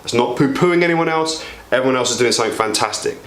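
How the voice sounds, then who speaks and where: A man preaching an energetic, joking sermon to his church, his pitch swinging widely as he appeals for volunteers. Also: fast talker, roomy sound. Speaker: pastor.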